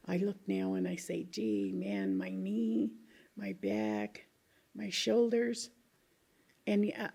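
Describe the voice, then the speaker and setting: An older woman from Colorado, a retired coal miner, tells earthy stories in an oral history interview, swearing freely and laughing often. Her voice is medium in pitch with a dark tone, gravelly and husky.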